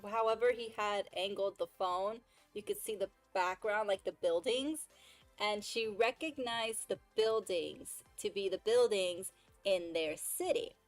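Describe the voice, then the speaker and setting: A woman's voice: medium pitch, a little slow, dry recording, faint music behind, poor audio. Chatty woman streamer telling a story. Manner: chatty, lots of "like", animated retelling with exasperated asides.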